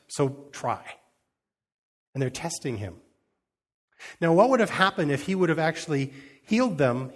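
A man's voice: fairly high pitch, slightly rough. A man giving an informal sermon, reading scripture and retelling it in a conversational way, acting out the quotes and chuckling as he goes. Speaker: preacher.

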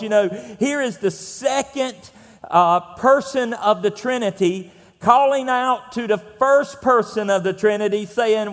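A man's voice: very high-pitched, big-room sound. A man with a Southern US accent preaching a sermon as pastor, talking in a conversational, folksy way with frequent fillers.

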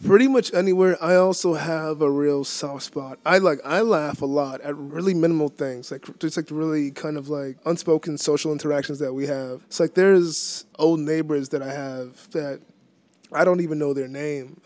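An older man in his sixties shares everyday anecdotes in a loose, easygoing way. He laughs often as he talks, and his voice sits a little high for a man. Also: moderate pace, no room sound. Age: 60s. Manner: laughs often while telling anecdotes, relaxed drawl. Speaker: guest telling stories. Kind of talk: casual storytelling chat. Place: lives in a Boston neighborhood.

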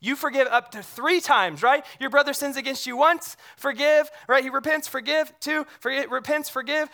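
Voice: high-pitched, normal speed, few pauses, sharp tone. A pastor preaching a sermon in a conversational way, often checking in with the congregation through rhetorical questions and animatedly retelling scripture scenes.

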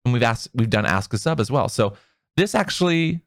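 A man's voice: medium pitch, lively intonation, fairly quick, no echo, studio quality. A man co-hosting a podcast in casual chat, playful and teasing. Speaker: podcast co-host.

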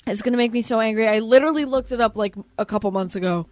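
A woman's voice: fairly high pitch, racing. A woman in a casual podcast chat, rambling while trying to recall something.

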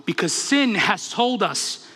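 A man's voice: sits high, sing-song, bright, forceful tone, slightly rough, big-room sound. A pastor preaching a sermon with passion, firing off rhetorical questions to his congregation. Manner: impassioned, asks rapid rhetorical questions.

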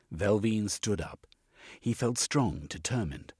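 Man, narrator, audiobook, husky, slow, lively intonation, faint music. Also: low-pitched, dry recording, studio quality.

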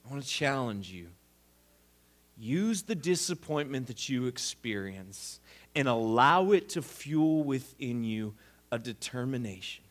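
A man preaching a sermon, swinging between quiet, intimate lines and loud, emphatic ones. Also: medium pitch, expressive, a little slow. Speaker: pastor.

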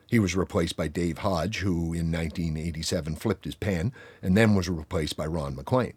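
A man's voice: low-pitched, normal speed, a little mellow, breathy edge, no echo. An older man hosting a casual hockey chat, stammering and repeating words as he reels off old stats and names. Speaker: podcast host.

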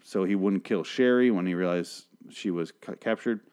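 Male podcast host, low-ish voice, swears freely, rambles and corrects himself mid-recap. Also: normal speed, darkish tone, clear, resonant tone. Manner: rambling, profane and self-correcting. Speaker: TV show review host. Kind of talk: casual solo recap podcast.

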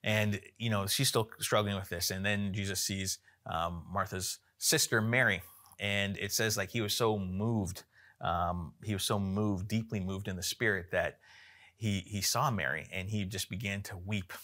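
A man giving an informal sermon with a somewhat low voice. He talks in an easygoing, conversational way, with frequent fillers and false starts as he explains a passage. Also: measured pace. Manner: relaxed, informal, many fillers and restarts. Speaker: preacher.

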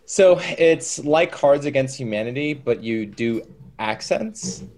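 Male guest, halting, filler-heavy storyteller who breaks into laughter; mid-range voice. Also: mid-range voice, animated, crowd noise. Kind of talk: casual storytelling chat.

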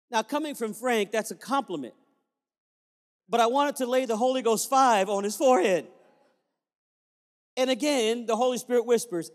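A man's voice: extremely high pitch, fairly quick, in a large hall. A man who is a pastor telling a story in a sermon, acting out the dialogue as he goes.

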